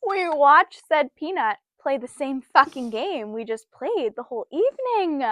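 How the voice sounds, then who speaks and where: A young woman co-hosting a casual podcast, animated, laughing often and swearing freely. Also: high-pitched, normal speed, slight background noise. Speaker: podcast co-host. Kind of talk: casual chat.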